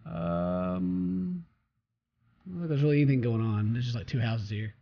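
Lively gravelly-voiced man commentating a game. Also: medium pitch, moderate pace. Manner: jokey, talks to game characters and reads their lines aloud. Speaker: let's play host. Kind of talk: casual gameplay commentary. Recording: slightly dull recording with faint game music.

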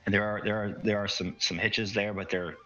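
A man's voice: fairly low pitch, little pitch movement, fairly quick, pushed and bright, soft background music. A man narrating as game master in a tabletop game, rambling with many fillers. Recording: dull lo-fi recording.

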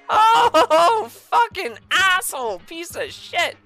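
A woman streaming a video game, raging and cursing loudly at it in heated gameplay commentary. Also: a little high, sing-song, a little slow, few pauses, faint music behind. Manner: furious profane yelling at the game. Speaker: gaming streamer.

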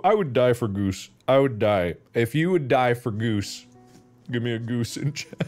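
A man's voice: medium pitch, normal speed, soft background music. A man giving casual, goofy commentary while playing a video game, talking to the characters on screen. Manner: goofy and excitable, talks to game characters, bursts into shouts and laughter.

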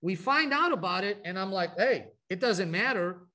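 A man's voice: sits high, animated, normal speed, sharp tone. A middle-aged man from Texas giving a conversational, story-driven talk to a group, full of asides and restarts. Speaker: speaker at an advocacy training event. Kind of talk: informal presentation to a group.

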